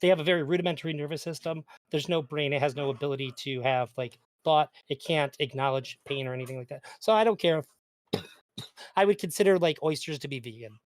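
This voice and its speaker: A man's voice: a little high, a little fast. A man guest in a casual debate, arguing earnestly and often restarting his sentences. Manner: earnest, argumentative, stumbles on restarts. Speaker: interview guest.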